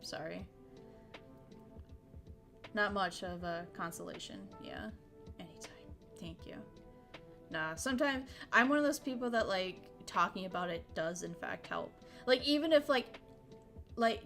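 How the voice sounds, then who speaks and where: A woman's voice: mid-range voice, moderate pace, long pauses, soft background music. Young woman streamer, frank and sweary. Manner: frank, swears freely, laughs often. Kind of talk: casual livestream chat.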